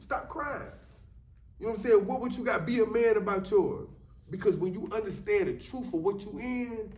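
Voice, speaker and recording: A high-voiced man recounts stories from prison in a loose, casual monologue, repeating "you know what I'm saying" often. He sounds distant and a bit off-mic, in a room full of echo.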